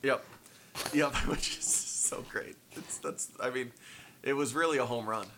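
A man's voice: medium pitch, unhurried, sharp tone, a little hiss or hum. A young adult man in a casual chat, co-hosting, rambling with fillers and enthusiasm. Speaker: podcast co-host.

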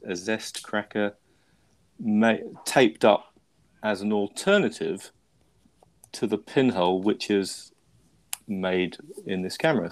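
A man hosting a podcast, telling a story in a rambling, self-mocking way with lots of restarts. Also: sits low. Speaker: podcast host. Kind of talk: casual chat.

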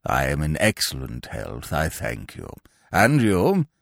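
A man voicing a pompous elderly male peer who speaks slowly and formally. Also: wildly swooping pitch, vocal fry, fairly bright tone, no echo, studio quality, exaggerated voice. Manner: slow, ponderous, deep and measured.

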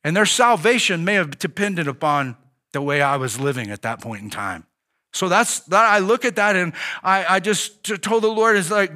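A young man delivers an earnest sermon in a high, bright voice. He stumbles and restarts often as he tells his own story, and he acts out his talks with God in quoted dialogue. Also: expressive. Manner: earnest, halting storytelling with many restarts and fillers. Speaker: pastor.

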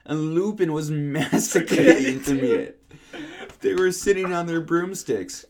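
A young man co-hosting a podcast, reading fan fiction aloud in a deadpan way. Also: fairly high pitch, a little slow, a little hiss or hum. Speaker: podcast co-host.

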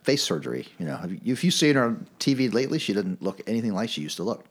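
A man co-hosting a podcast, chatting in a playful, animated way. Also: on the low side, fast, a little hiss or hum. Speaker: podcast co-host. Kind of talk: casual chat.

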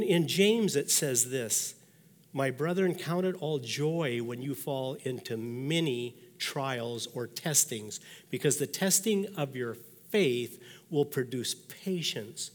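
A man in his sixties preaches a sermon as a pastor, spinning personal stories in a folksy way and voicing the thoughts he quotes. His mid-pitched voice rings out with a long reverb from a large hall. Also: animated, slow.

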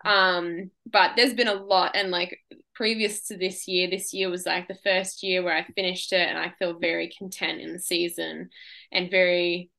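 A woman's voice: on the low side, level tone, moderate pace, vocal fry, sharp tone. A woman in her twenties from Australia, a guest in an interview who chats casually, rambles freely and laughs often. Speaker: guest, ultra runner.

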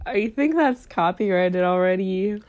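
A woman's voice: medium pitch, lively intonation, measured pace, darkish tone. Dry young woman co-host. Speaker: podcast co-host. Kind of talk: casual chat.

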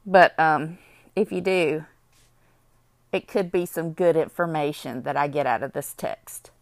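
A young woman, rambling in a casual confessional chat while high, laughing often and swearing freely. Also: fairly even intonation, a little slow, no room sound, studio quality. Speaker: vlogger.

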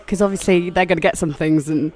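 A woman's voice: on the low side, fairly even intonation, fast, darkish tone. A woman hosting a podcast interview, enthusiastic and giggly, full of compliments for her guest. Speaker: podcast host.

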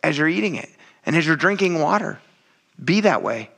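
A man preaching a conversational sermon, animated and laughing often, dropping to low quiet asides and rising into excited stretches. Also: moderate pace, gravelly. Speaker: pastor.

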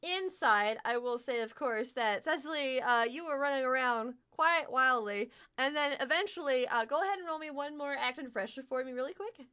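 A woman's voice: high-pitched, a little fast, few pauses, pushed and bright, smooth. A woman running a tabletop game as game master, playful and often laughing as she narrates.

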